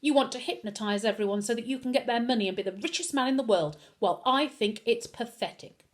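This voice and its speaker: A woman voicing a scornful, stout-hearted schoolboy, high and raised. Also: fast talker, natural voice.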